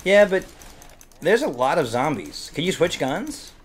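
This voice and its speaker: A man's voice: fairly high pitch, sing-song, unhurried, a little hiss or hum. A man bantering while friends play a game, jokey and always riffing on silly bits. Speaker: co-host. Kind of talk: casual gameplay banter.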